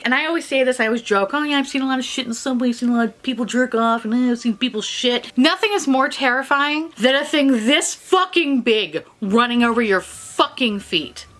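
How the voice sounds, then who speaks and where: A young woman vlogger telling a story, swearing constantly and tagging lines with "like" and "right?". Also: a little high. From New York. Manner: animated, swears constantly, many "like" and "right?" tags. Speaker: beauty vlogger. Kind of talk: profane storytelling to camera.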